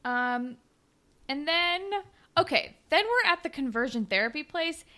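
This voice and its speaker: A woman's voice: high-pitched, expressive, a little slow, sharp tone. A woman co-hosting a podcast, casually recapping a TV episode and acting out the characters' lines. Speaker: podcast co-host.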